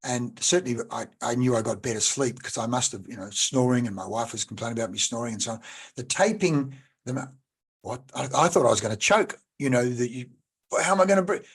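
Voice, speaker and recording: A man, hosting a casual interview and telling lively anecdotes. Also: mid-range voice, fairly quick, breathy edge. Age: 60s. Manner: chatty, animated anecdotes. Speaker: podcast host.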